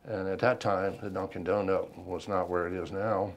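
Older male veteran interviewee, very low voice, measured reflective delivery. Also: steady tone. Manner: unhurried, reflective, many ums and pauses. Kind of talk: oral history interview.

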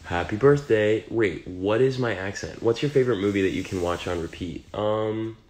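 A man's voice: fairly low pitch, normal speed, a little mellow. A man with an American accent, reading fan comments aloud on a phone livestream and answering them in a wry, teasing way. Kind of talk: casual livestream Q&A.

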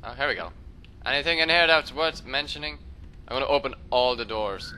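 Bright-voiced young man gaming. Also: mid-range voice, a little fast, slight background noise. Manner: jokey, swears a lot, loud startled reactions. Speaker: let's play host. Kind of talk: casual gameplay commentary.

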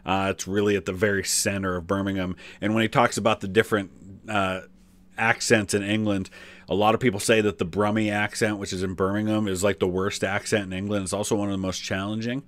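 Chatty low-voiced man reacting to a video. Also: little pitch movement, brisk, a bit bright. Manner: chatty, filler-heavy, explanatory. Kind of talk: casual commentary.

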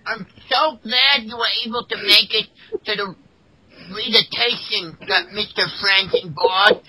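A woman's voice: mid-range voice, a little slow, bright, forceful tone, slightly rough, exaggerated voice, low-quality recording. A woman voicing a polite, flustered convention organizer in a comic read-through over a call.

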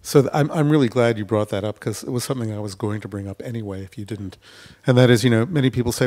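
A man speaking as an investor on a festival panel discussion, talking with lively storytelling and acting out quotes. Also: mid-range voice, fast talker, few pauses. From United States. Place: festival stage.

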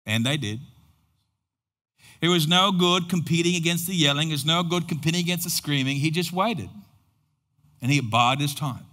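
A man preaching a sermon as pastor, telling a story dramatically with long pauses. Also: a little high, sharp tone. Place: church hall. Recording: long reverb in a large hall.

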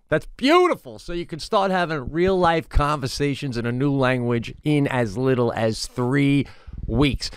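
A man's voice: fairly high pitch, clear, resonant tone, no room sound, clean studio sound. A man co-hosting a podcast, speaking upbeat and direct to listeners, also reading an ad. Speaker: podcast co-host. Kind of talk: casual podcast chat and ad read.

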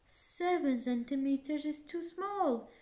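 A stern, touchy caterpillar from a children's storybook, asking curt questions, as a woman reader puts it on. The voice is high and measured. It is heard in a room with a clear echo. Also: expressive, warm tone. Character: stern, grumpy caterpillar, quick to anger.

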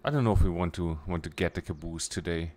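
Speaking quickly in a deep, darkish voice, a young man thinks aloud while streaming a train game. His let's-play commentary is casual and muttered, with short restarts as he works out his jobs.

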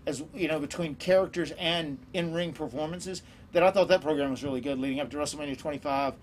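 Easygoing male guest, forties, quick and slightly high, casual storyteller; light room noise. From American South. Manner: easygoing storytelling, laughs often. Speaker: guest wrestler. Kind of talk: casual chat.

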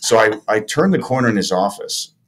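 Deep-voiced man telling a lively story. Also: brisk. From Chicago area. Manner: animated storyteller acting out quoted dialogue. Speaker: podcast guest, former baseball player. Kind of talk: casual storytelling in a podcast interview.

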